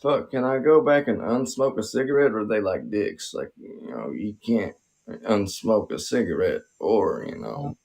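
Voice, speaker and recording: Crude comedy host guy, gravelly creaky voice, self-deprecating and sweary. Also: fairly low pitch, lively intonation, a little mellow. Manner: profane, self-deprecating, quick jokes. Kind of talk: crude casual comedy banter.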